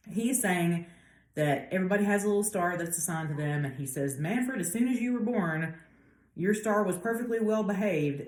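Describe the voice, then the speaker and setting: A woman professor giving a casual literature lecture, paraphrasing the text in lively slang. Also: deep voice, reverberant. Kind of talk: lecture with dramatic readings.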